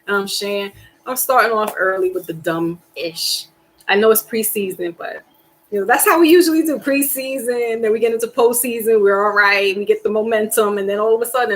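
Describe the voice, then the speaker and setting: A woman hosting a casual live stream, rambling in an animated, slangy, emphatic way, with sighs and laughs. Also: medium pitch, brisk, rough recording. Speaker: tarot reader and live stream host.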